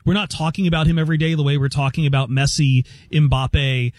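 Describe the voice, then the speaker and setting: A man arguing about soccer on a sports radio panel, animated and often restarting his sentences. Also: a little high, fairly quick, no room sound. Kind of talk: sports debate talk.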